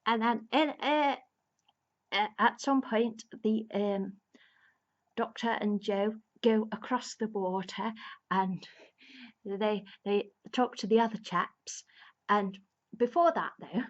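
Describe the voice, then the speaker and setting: A woman's voice: medium pitch, fairly even intonation, slow pace. A woman casually retelling a plot as a video reviewer, rambling with many restarts and fillers and laughing now and then. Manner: amused, laughs between lines. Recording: slightly dull lo-fi sound.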